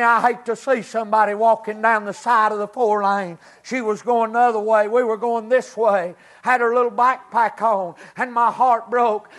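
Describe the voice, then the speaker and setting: A man's voice: very high voice, fairly bright tone. A middle-aged man, preaching a fervent sermon to a church congregation and dropping in "amen" and "praise God" between his sentences. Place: church service.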